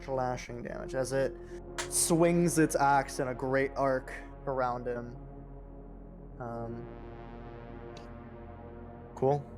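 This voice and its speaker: A man running a tabletop game as game master, relaxed and full of fillers while narrating the enemy's moves. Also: medium pitch, very slow, pauses often, music in the background.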